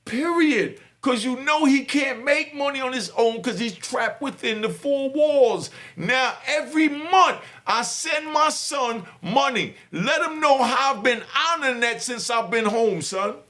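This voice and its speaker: Fervent high-voiced man preaching. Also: lively intonation, measured pace, hardly any pauses. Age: middle-aged. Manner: fervent, preaching, bursts into shouting. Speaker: host. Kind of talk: impassioned talk to viewers.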